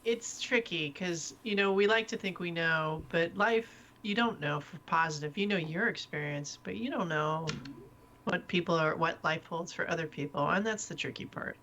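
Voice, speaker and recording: A woman's voice: lowish voice, normal speed, fairly bright tone, slight background noise. A woman who works as an instructor, chatting casually on a live show, rambling and laughing between sentences. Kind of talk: casual chat.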